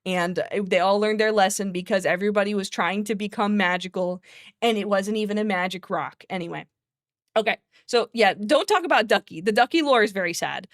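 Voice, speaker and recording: A woman's voice: mid-range voice, brisk, no room sound, studio quality. A woman streamer chatting casually, rambling between topics, laughing often and swearing freely. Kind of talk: casual chat.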